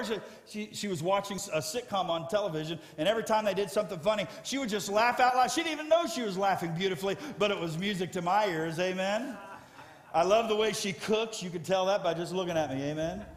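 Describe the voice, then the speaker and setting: A middle-aged man preaching a sermon as pastor, emotional and animated as he tells stories. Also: high voice. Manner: emotional, storytelling with rising excitement. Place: church sanctuary. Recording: echoey church hall with music. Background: soft guitar music.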